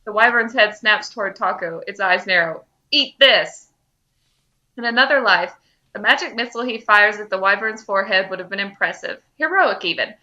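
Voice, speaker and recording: Woman podcast host, lively fan-fiction reader, bright tone; lo-fi audio. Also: medium pitch, fairly quick. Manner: lively, breaks into laughter. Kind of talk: reading fan fiction aloud.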